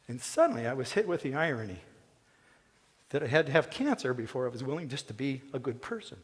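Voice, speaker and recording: A man's voice: a little high, brisk, breathy edge. Folksy man speaking in a reverberant theatre. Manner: folksy and joking, then earnest and emotional. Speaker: commencement speaker. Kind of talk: personal commencement speech. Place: theatre stage. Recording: long hall reverb in a theatre.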